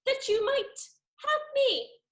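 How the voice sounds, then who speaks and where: A very high-voiced, jittery woman from South Wales, hiding from suspicion and pleading for help, as an improv performer plays her. Her lilting accent carries the panic, and the call sounds like it was recorded in an echoey room. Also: very animated, takes it slowly, fairly bright tone, exaggerated voice. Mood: anxious. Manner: anxious and pleading. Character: nervous woman suspect hiding out at a food festival. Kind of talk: live improv comedy.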